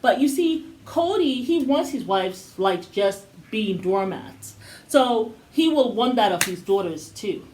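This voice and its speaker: A woman's voice: a little high, lively intonation, slow, darkish tone, a little hiss or hum, rough recording. Chatty, opinionated woman co-host. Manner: talkative, opinionated, acts out scenes. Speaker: co-host of a TV review channel. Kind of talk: casual chat.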